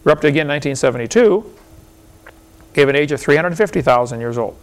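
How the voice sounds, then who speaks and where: Talking fast and animatedly in a slightly high voice, a man gives a seminar lecture before a live audience. His manner is folksy and combative, full of rhetorical questions and frequent chuckles.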